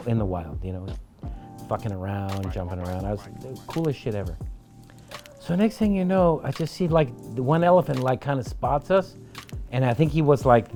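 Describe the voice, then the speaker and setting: Profane, animated male storyteller. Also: mid-range voice. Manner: animated, profane anecdote-telling. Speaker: podcast guest, trial lawyer. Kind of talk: casual storytelling over drinks.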